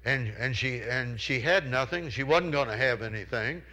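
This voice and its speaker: A man's voice: medium pitch, normal speed, pushed and bright, rough recording. A man preaching a sermon, telling folksy stories, asking his listeners questions and acting out the people in his tales with raised voices. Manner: folksy storytelling, asks the congregation questions; acts out characters in raised voices.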